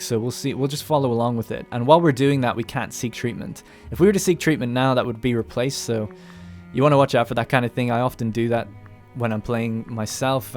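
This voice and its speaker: A man hosting a let's play, chatting casually about his strategy game as he plays, thinking out loud and cursing now and then. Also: mid-range voice. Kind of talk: casual gameplay commentary.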